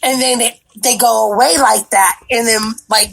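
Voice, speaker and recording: A woman's voice: on the high side, normal speed, gravelly, hardly any pauses, a little hiss or hum, rough recording. A woman guest talking bluntly in casual chat, swearing freely.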